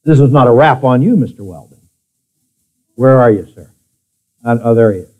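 A man preaching a sermon to a congregation, moving between quiet asides and emphatic exclamations. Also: animated, normal speed, narrow, tinny audio. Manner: preaching, swings between soft asides and loud high exclamations. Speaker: pastor. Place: church with a congregation.

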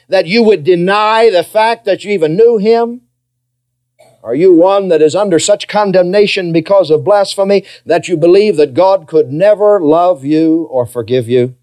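A pastor preaching to his church congregation, his voice dark and mellow yet pitched a little high for a man. He swings from ringing emphasis to hushed, low phrases. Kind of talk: sermon.

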